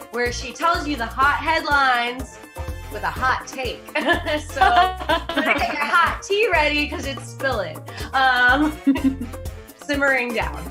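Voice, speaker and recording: A woman hosting an online comedy show, with a high voice and an unhurried, giggly delivery as she introduces the acts. Music plays clearly behind her. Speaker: show host.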